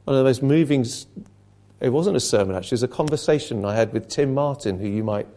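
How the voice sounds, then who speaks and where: Earnest man preaching, mellow tone. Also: mid-range voice, lively intonation, fast. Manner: earnest, with frequent restarts and dropping to a hush. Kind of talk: sermon.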